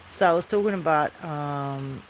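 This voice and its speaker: With a voice that sits low and a normal speaking speed, this Australian woman vlogs casually outdoors by a fire under falling rain. She meanders along easily, now and then calling out to people off camera, on poor audio with a little hiss or hum.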